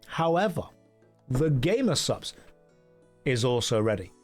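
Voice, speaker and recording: A man's voice: mid-range voice, expressive, a little slow, soft background music. A man streaming a game, chatting casually, joking and reading chat aloud. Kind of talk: casual gameplay commentary.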